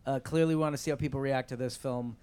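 A man answering questions on a panel, animated and full of fillers. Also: mid-range voice, fast, clear, resonant tone.

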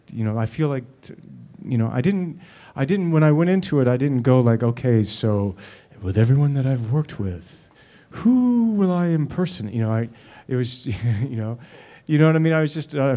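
A middle-aged actor answering questions at a live Q&A, telling stories in a halting way, full of fillers and restarts and quick laughs. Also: male voice, fairly low pitch, mellow. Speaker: actor and guest at a Q&A. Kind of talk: anecdotal Q&A talk.

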